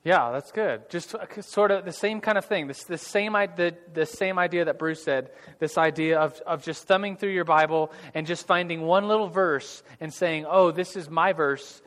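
A man's voice: fairly high pitch, normal speed, hardly any pauses, a bit bright, long reverb tail. A man leading an interactive church group class, talking casually and jokingly with many restarts. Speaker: Bible class leader. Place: large hall with tables of listeners.

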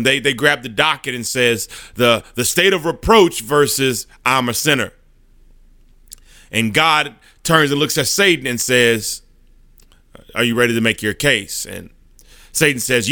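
A man preaching a sermon, telling a courtroom story with animated delivery and frequent restarts. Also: medium pitch, dry recording, studio quality.

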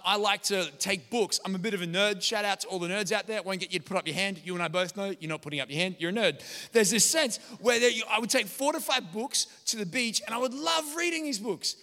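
A high-voiced man in his thirties preaching in a church. His tone is bright and forceful, and he tells jokes and animated stories. The sound carries a long hall reverb. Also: a little fast. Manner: energetic, joking, animated storytelling. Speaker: pastor. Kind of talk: sermon.

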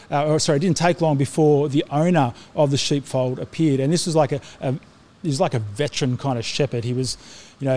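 A man's voice: on the high side, a little mellow. A middle-aged man preaching a sermon to his congregation, earnest, often restarting his sentences with fillers. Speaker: pastor.

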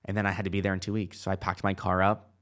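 Rapid-fire and a bit bright, a low male voice with little pitch movement carries a long personal story. The speaker is a guest in his twenties, chatting casually and peppering his telling with "like" and quoted exchanges.

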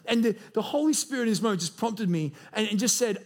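A young pastor delivers a sermon in a fairly high, lively voice. He keeps slipping into quick acted-out voices for quotes, bringing his stories to life.

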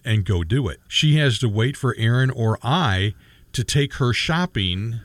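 A middle-aged man co-hosting a Christian radio talk show, easygoing and quick with joking asides. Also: mid-range voice, animated, a bit bright, dry recording. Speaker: co-host. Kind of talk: casual Christian radio chat.

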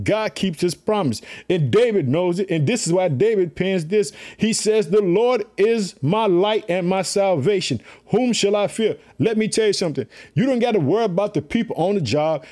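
Fervent preaching man, slightly high voice. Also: mellow. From Illinois, USA. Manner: fervent, repetitive preaching with call-outs to listeners. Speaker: pastor and podcast host. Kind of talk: energetic podcast sermon.

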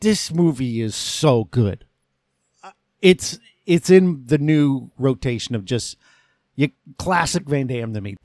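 A man's voice: mid-range voice, animated, slow, darkish tone. A man hosting a podcast, casually and enthusiastically reviewing an action movie, rambling with fillers. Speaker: podcast host.

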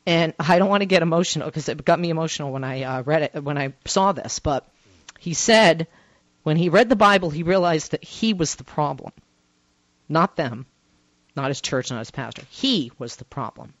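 A man's voice: on the high side, moderate pace, dry recording. Man, radio talk host, emphatic storyteller, dull lo-fi sound. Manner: emphatic storytelling, swings from loud to hushed.

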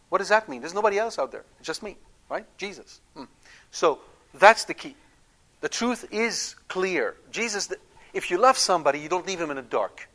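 A man's voice: fairly high pitch, sharp tone. A man giving an emphatic Catholic teaching talk, often checking in with his listeners. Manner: acts out quoted prayers. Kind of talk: catechetical talk.

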